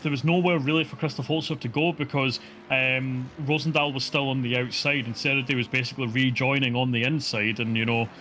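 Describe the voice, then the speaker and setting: Scottish male co-commentator, bright and forceful, loose and joking. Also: mid-range voice, a little hiss or hum. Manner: chatty, joking, fills with ums and yeahs. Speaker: sim racing co-commentator. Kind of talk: live esports race commentary.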